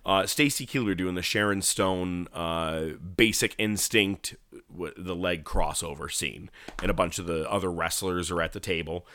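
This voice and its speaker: A man's voice: sits low, normal speed. A man chatting casually as a podcast co-host, telling stories with energy and acting out movie lines. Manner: animated storytelling, swearing, acts out movie lines. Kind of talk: casual wrestling chat.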